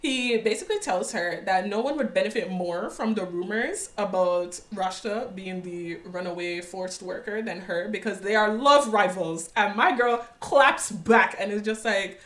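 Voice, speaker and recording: A young woman casually recapping a series, sassy and animated, with slang and quick asides. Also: medium pitch, reverberant. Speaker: recap vlogger.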